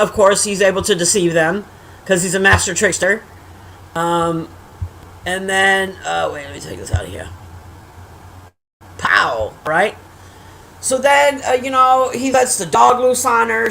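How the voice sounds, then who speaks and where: A woman casually recapping a movie for viewers in an animated, slangy, blunt way, full of fillers and exclamations, talking at a computer while sharing her screen. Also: on the high side, a little hiss or hum, poor audio. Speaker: movie reviewer. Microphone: screen-sharing at a computer, desk mic.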